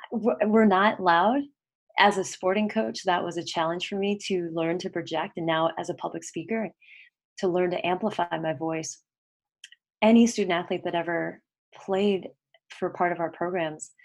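Middle-aged woman in an interview, lowish voice, very clear and even way of talking. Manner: even, steady, clean and clear enunciation. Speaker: guest, former sports coach and public speaker. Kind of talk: interview conversation.

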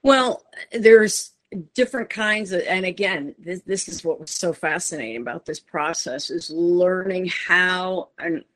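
A woman, an author who narrated her own audiobook, talking in a casual interview with an animated storytelling manner. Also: on the low side, measured pace.

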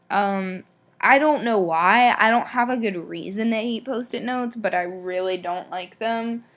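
A young woman hosting a podcast, chatting casually and bluntly with lots of swearing, ums and likes. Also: medium pitch. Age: young adult. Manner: blunt, swears a lot, rambling; filler-heavy, many ums and likes. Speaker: podcast host. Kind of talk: casual solo podcast chat.

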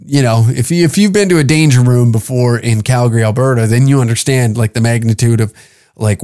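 A man, a stand-up comic, rants casually on his podcast. His talk is profane and rambling, full of restarts, and he acts out quoted exchanges with other people. His pitch sits in the middle range. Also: a little mellow. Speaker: podcast host and stand-up comedian.

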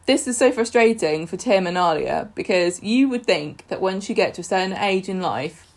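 A woman's voice: medium pitch, animated. A woman co-hosting a podcast, chatting casually and joking wryly while recapping a soap opera. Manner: chatty, wry, quick to joke. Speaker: podcast co-host.

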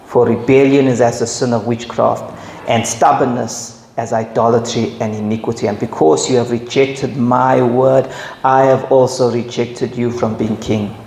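A man preaching a sermon, slow and emphatic, who jumps high when he acts out quotes. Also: flat delivery, vocal fry, darkish tone, slight background noise. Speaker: pastor. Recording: echoey hall, faint ambience.

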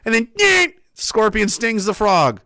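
A man's voice: sits high, wildly swooping pitch, slow pace, sharp tone, dry recording, studio quality. A man delivering a heated, profane opinion rant, emphatic and rambling, with restarts and asides.

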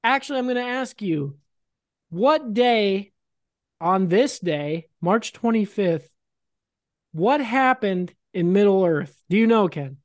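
A woman's voice: mid-range voice, lively intonation, takes it slowly, darkish tone, no echo, studio quality. A woman hosting a casual podcast, running a sports bracket game with playful, announcer-style build-ups and quiz questions for her co-host.

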